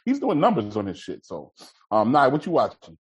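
A man's voice: medium pitch, huge pitch swings, fairly quick, breathy edge, lo-fi sound. A man hosting a casual chat, talking loosely in slang and laughing often. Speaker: podcast host.

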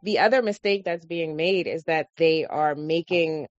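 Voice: mid-range voice, moderate pace, dry recording. A podcast co-host joins the casual chat, adding thoughts in an easygoing way. Their voice comes through a slightly dull, lo-fi microphone. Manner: casual, chiming in.

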